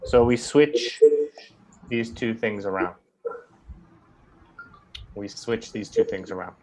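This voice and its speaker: A man's voice: on the low side, steady tone, takes it slowly. Guy teaching english grammar to a class, patient, keeps going "right?". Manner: patient, explains by repeating.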